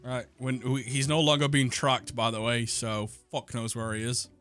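A man's voice: mid-range voice, normal speed. A young man hosting a casual co-op gaming session, swearing freely and yelping in panic. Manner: swearing, excitable, yelps in panic. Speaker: gamer host. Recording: game music behind voice.

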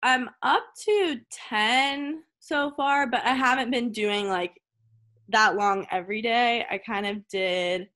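A young adult woman who plays college tennis chats casually as an interview guest on a video call from home, filling her talk with "like" and laughing easily. Her voice is on the high side, slow, pushed, and bright.

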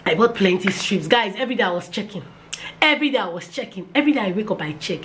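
Young Nigerian woman, casual storytime vlog, lively and repetitive, faint hiss behind. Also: fast talker. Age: young adult. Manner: animated, repeats phrases, pitch jumps when excited. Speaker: vlogger.

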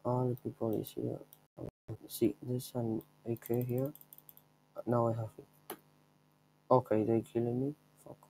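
Slow, gravelly young man narrating gameplay. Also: medium pitch, flat delivery, mellow, slight background noise, poor audio. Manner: offhand, rambling, chuckles at himself. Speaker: gameplay video maker. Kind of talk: casual gameplay commentary.

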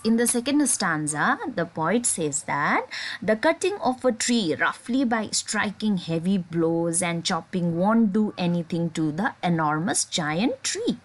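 Nepali-accented woman teaching a poem. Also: lowish voice. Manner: mixes Nepali and English, checks in with "है?" often; halting, many fillers and restarts. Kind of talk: classroom poem explanation.

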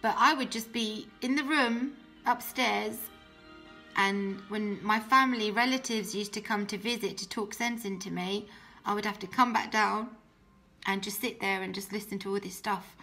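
A young woman giving an emotional personal testimony, earnest and often dropping to a soft voice. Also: medium pitch, fairly even intonation, moderate pace, soft background music. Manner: earnest, emotional, drops soft and quiet when quoting herself. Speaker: guest telling her testimony.

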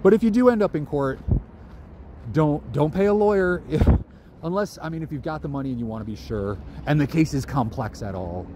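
A man's voice: fairly high pitch, animated, a little fast, noisy background. A man vlogging outdoors in a park, musing in a loose, conversational way. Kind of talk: casual outdoor monologue.

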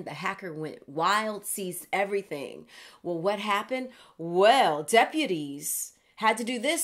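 A middle-aged woman hosting an online news show, talking casually with animated asides and laughing at herself. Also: medium pitch. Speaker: host.

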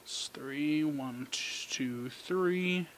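A man hosting a casual card-pack opening commentary. He rambles excitedly, squeals with delight and mocks himself in quick asides. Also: a little high, a little hiss or hum. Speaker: channel host. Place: indoor room under an overhead light.

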